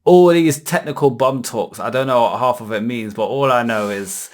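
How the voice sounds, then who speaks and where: Excitable British man swearing casually. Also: mid-range voice, moderate pace, faint music behind. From Britain. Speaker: reaction channel co-host. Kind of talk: casual reaction chat.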